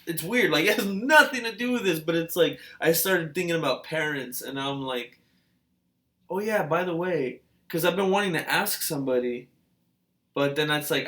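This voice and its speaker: A man hosting a reaction video, talking in a casual, rambling way with many fillers and restarts, musing and asking questions out loud. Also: on the high side, moderate pace. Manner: hesitant, full of fillers and restarts.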